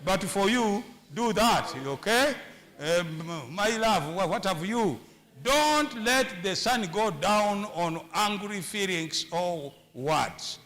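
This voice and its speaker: Slow, bright-voiced Ugandan preacher man. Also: high-pitched, lively intonation. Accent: Ugandan English. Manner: humorous, repeats words often, stammers. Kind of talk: sermon on marriage. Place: church.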